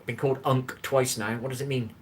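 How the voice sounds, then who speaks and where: A middle-aged Englishman with a Bristol accent runs a live cooking stream from his home kitchen, chatting away, greeting viewers by name and reading their messages aloud. His mid-range voice is brisk, with little pitch movement.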